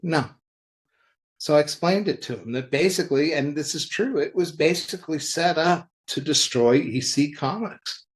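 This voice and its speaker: Guesting on a comics interview program, this seventy-something veteran of the industry spins conversational stories, voicing people's quoted lines with animation. He speaks at a normal speed in a slightly high voice, and the recording quality is low.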